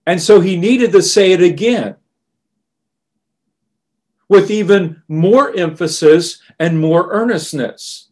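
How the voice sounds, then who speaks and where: This sermon comes from a male preacher whose voice runs a bit higher than most men's. He takes his time, earnest and deliberate, and when he reads scripture aloud his voice grows quieter and deeper.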